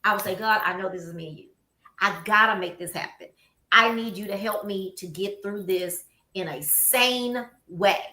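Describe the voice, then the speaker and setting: At normal speed and medium pitch, a woman with a Southern US accent hosts a casual chat, telling animated stories and acting out the quotes. She's in an office room that sounds echoey.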